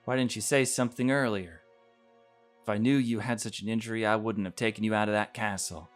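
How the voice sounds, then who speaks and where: A loyal companion frets over the princess in an anxious, protective tone, as a man reads him. The voice is lowish, with faint music behind. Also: fairly even intonation, a little fast, natural voice. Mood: alarmed.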